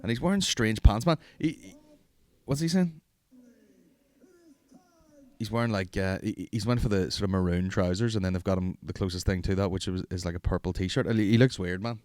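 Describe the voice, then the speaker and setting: A man's voice: low voice, a little fast, a little mellow. A man, hosting a podcast in rambling, profane, jokey casual chat. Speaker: podcast host.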